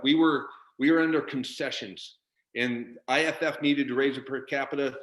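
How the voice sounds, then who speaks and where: A man's voice: mid-range voice, steady tone, normal speed, fairly bright tone, reverberant, poor audio. Furious man ranting on a video call. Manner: furious, swearing, repeating himself. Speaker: union member asking a question. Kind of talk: angry question at a virtual town hall.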